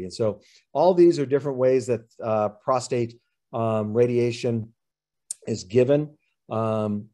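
A man's voice: lowish voice, mellow. A man who is a urologist giving a webinar presentation, explaining slides in plain terms with frequent fillers.

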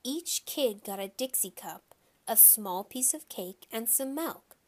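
A woman narrating a children's audiobook in a lively, expressive reading style. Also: on the high side, slow pace.

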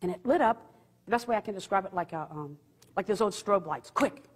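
A husky-voiced woman tells a personal story with lively humor, slipping into the voices of the people in it. Her words ring out with a long reverb, as if she is speaking in a large hall. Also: mid-range voice, fairly quick. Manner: lively, humorous, acts out quotes. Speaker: speaker giving a faith testimony. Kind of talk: storytelling testimony talk.

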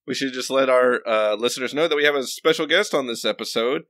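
A man's voice: mid-range voice, quick pace, a bit bright, no echo. A young man co-hosting a movie podcast from home, chatting casually and rambling with lots of fillers. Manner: laid-back, rambling with fillers. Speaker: podcast co-host. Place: home, remote recording.

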